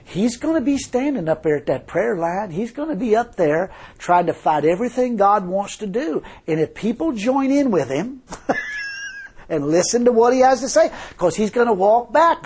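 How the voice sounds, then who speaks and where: A man's voice: sits high, expressive, moderate pace, darkish tone, husky. A man preaching a fervent sermon, telling a story and repeatedly crying hallelujah.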